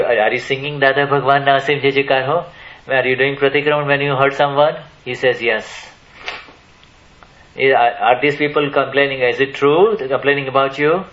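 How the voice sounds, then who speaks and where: Man, spiritual teacher at a live Q&A, halting delivery full of restarts, dull lo-fi recording. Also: medium pitch, a bit bright. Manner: hesitant, many restarts, asks the audience questions. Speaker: spiritual teacher answering questions. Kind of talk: spiritual Q&A talk to a live audience.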